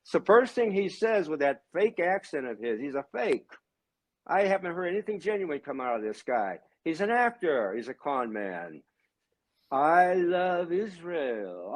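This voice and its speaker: An older man in his seventies speaks as a guest in an emphatic, ranting torrent. His voice sits a bit high for a man and swings widely in pitch and loudness. He sounds heated and insistent throughout. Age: 70s. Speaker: guest, religious brother. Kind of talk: heated conversational monologue.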